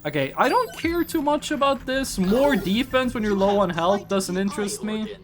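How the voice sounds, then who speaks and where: A young man from Scandinavia chats through a gaming stream in a high, bouncy voice. He talks in playful teasing banter with his viewers, with wide swings of pitch. Faint music plays underneath. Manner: joking, teasing banter with chat; animated, quick swings in pitch. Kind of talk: casual gaming stream chat.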